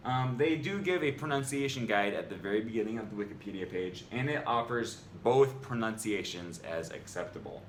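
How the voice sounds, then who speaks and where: This man, making a language video, reads out an article and rebuts it with an irritated, argumentative edge. He talks a little fast at medium pitch with lively intonation and barely pauses, in a room with echo and faint background noise.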